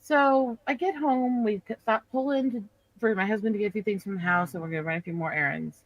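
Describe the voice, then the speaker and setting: A woman hosting a live stream, telling a story in an indignant, animated way. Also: mid-range voice, fast, dry recording, highs cut off. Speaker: livestream host. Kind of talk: casual chat.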